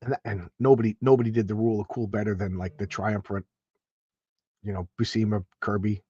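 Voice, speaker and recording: A man's voice: lowish voice, steady tone, fairly quick, mellow, husky, highs cut off. A man hosting a casual comic book review, talking in a rambling, enthusiastic way with many restarts and asides. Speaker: comic book show host.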